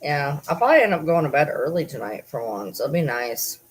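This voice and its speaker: A woman's voice: sits low, very animated, a little fast, slightly rough, poor audio. A woman at home chatting casually, often cooing baby talk to her pets.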